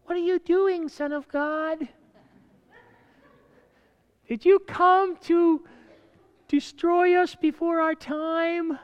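A preacher voicing a frightened, hostile male demon in a high, strained screech. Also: steady tone, drawn-out words, pauses often, muffled recording, heavily acted. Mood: fearful.

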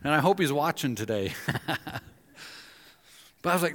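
A man's voice: a little high, moderate pace. A man preaching a sermon as a pastor, telling stories and acting out the voices of the people in them. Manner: animated storyteller acting out quoted voices. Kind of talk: sermon with storytelling. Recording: long hall reverb.

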